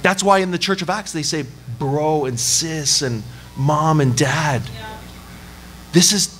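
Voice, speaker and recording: Male pastor, Canadian-raised, animated self-deprecating sermon storyteller, slightly high, bright tone. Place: church service.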